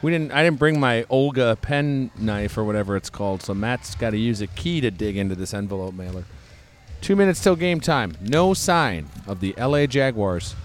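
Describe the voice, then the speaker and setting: A man's voice: mid-range voice, lively intonation, moderate pace, a little hiss or hum. A man co-hosting a casual podcast, teasing his partner dryly and giving running time updates. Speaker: podcast co-host. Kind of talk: casual banter.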